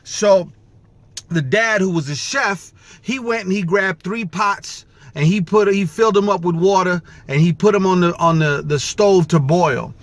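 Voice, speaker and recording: Man with a high voice, casual vlog storyteller, animated and chatty. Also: a little slow, no echo. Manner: casual, animated, repeats "right?".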